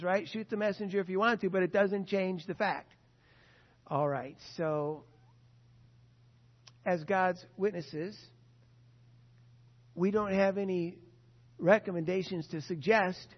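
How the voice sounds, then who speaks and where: A man preaching a sermon, earnest and emphatic, repeating his key points. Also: high-pitched. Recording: dull lo-fi sound with long hall reverb.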